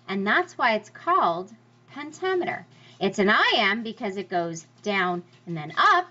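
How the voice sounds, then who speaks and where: A woman's voice: medium pitch, very animated, a little slow, sharp tone. A woman teaching a lesson on poetry in a chatty, encouraging way. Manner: encouraging, chatty, reassures listeners. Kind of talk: recorded lecture on poetry. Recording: dull lo-fi recording.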